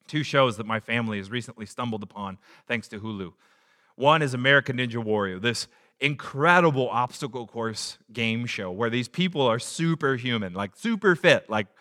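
A man preaching a sermon in a conversational way, asking the congregation rhetorical questions and dropping his voice low for emphasis. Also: bright, forceful tone. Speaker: pastor.

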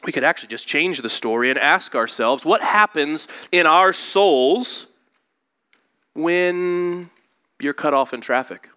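Male pastor, sermon in church, bright clear tone, slightly high voice. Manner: slow scripture reading, then lively storytelling.

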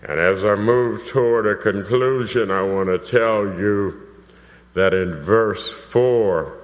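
A man's voice: lowish voice, slow pace. A man preaching a sermon with personal testimony, fervently building to emphatic cries. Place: church hall. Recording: dull, reverberant hall recording.

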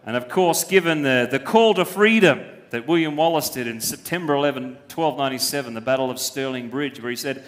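In a church, a male pastor delivers a sermon with emphasis, throwing rhetorical questions at the congregation. His mid-range voice moves fairly quickly with few pauses, and the recording carries a long hall reverb.

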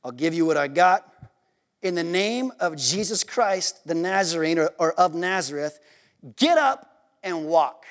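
A man's voice: a little high, animated, unhurried, pitched below the performer's own voice. A man voicing the apostle Peter as a bold, casual, slangy preacher during a sermon. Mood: solemn.

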